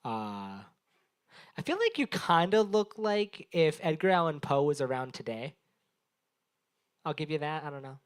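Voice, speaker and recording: A man's voice: fairly high pitch, sing-song, unhurried, pauses often, clear, resonant tone. A young man hosting an open mic, doing loose, profane stand-up crowd work on a small bar stage. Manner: rambling, profane, teasing the audience. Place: small bar venue stage before a live audience.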